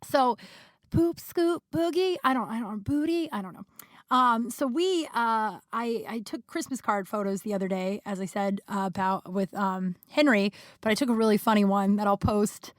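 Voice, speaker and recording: A young woman hosts a podcast, delivering a casual storytelling monologue of rambling tales packed with fillers and swearing. Her mid-range voice keeps a moderate pace, and the studio sound is clean with no echo.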